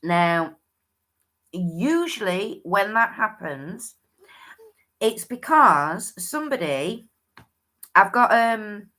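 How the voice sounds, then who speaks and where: Slow-talking woman reading cards. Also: mid-range voice, sing-song, sharp tone. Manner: chatty, restarts often, muses aloud. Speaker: livestream host and oracle card reader. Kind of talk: chatty live oracle card reading.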